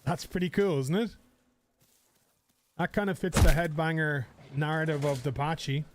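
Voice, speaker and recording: A male game streamer chatting live with his viewers in a loose, rambling way and swearing casually. His voice sits slightly high for a man, and faint background hiss runs under it. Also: steady tone, moderate pace.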